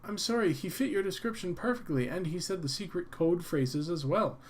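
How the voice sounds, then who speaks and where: A man's voice: high-pitched, expressive, moderate pace, slight background noise, voice pushed up. A man voicing a nervous female shop clerk who is a secret agent, stammering and trembling as she talks.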